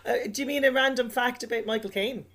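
A woman chatting playfully on a film podcast, her voice slightly higher than most women's. Clear crowd chatter runs behind her. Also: fairly even intonation, fast talker. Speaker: podcast co-host. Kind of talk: casual film podcast chat.

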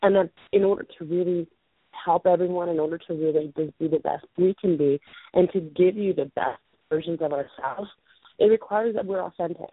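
Hoarse young woman on a phone line. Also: lowish voice, a little fast, no echo. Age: 20s. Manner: earnest, rambling with restarts and throat clearing. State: losing her voice, hoarse. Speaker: co-host of a call-in show. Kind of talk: casual show announcement. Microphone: phone call. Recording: tinny dry phone line.

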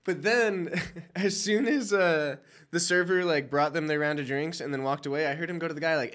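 A man's voice: fairly high pitch, moderate pace, fairly bright tone. A young man co-hosting a podcast, telling a story in a laid-back, wry way. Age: young adult. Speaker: podcast co-host. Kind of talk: casual chat.

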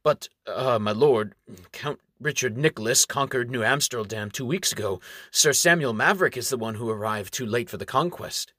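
A man's voice: medium pitch, moderate pace, fairly bright tone, no room sound, clean studio sound, close to an everyday voice. A man reading the part of a cautious knight who questions his lord's plans. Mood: wary questioning. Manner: questioning, wary. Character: cautious doubting male knight advisor. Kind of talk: audiobook character reading.

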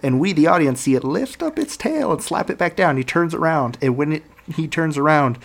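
A man's voice: fairly high pitch, animated, fairly quick, creaky. A man in casual chat, recapping a film plot with hesitant fillers and restarts. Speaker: podcast co-host.

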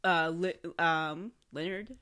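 A woman co-hosting a casual chat about a TV series, relaxed and expressive. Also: on the low side, slow, clear, resonant tone. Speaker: podcast co-host.

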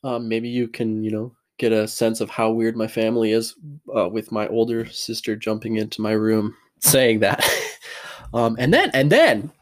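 A man's voice: lowish voice, moderate pace. A man vlogging from his bedroom in a loose, rambling monologue, swearing freely and cracking self-mocking jokes.

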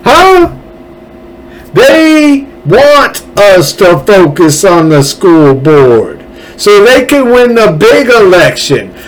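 Slow, fed-up man ranting. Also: high-pitched, big pitch swings, rough recording. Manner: angry, profane, sarcastic. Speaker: podcast host. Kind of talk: political commentary rant.

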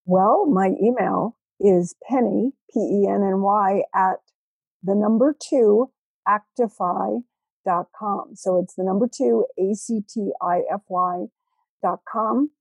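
A woman's voice: mid-range voice, slow pace, creaky, husky, no room sound, low-quality recording. A woman guest on a podcast, explaining her career coaching work in an earnest way. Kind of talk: casual interview chat.

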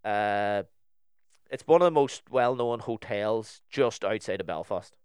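A young Northern Irish man tells a story during casual podcast chat, animatedly acting out both sides of a past conversation. His fairly low voice is smooth and clear, at a measured pace. The recording is dry and close, with no room around it.

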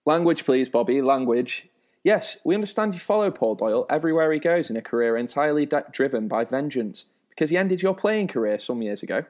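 A man's voice: medium pitch, lively intonation, fairly quick, darkish tone. A man playing a post-match sports presenter in a comedy sketch, dry and reproving.

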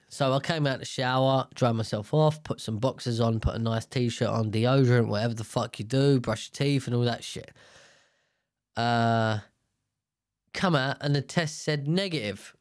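A man's voice: medium pitch, normal speed, no echo, clean studio sound. A young man telling a rambling, self-mocking story in a casual monologue.

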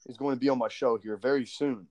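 A man's voice: mid-range voice, fairly even intonation, fast talker, darkish tone, dry recording. A man hosting a podcast in a casual, easygoing way, talking with a guest and wrapping up a segment. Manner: easygoing, with filler words. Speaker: podcast host.

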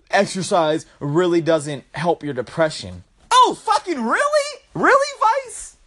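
A man delivering an impassioned, swear-filled ranting monologue, constantly saying bro and dude. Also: high voice. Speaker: vlogger.

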